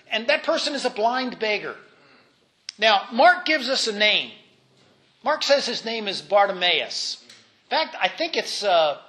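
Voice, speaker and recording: A man's voice: high voice, sharp tone. A man giving an informal Bible lesson in a conversational way, with fillers, restarts and voiced asides. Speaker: Bible teacher.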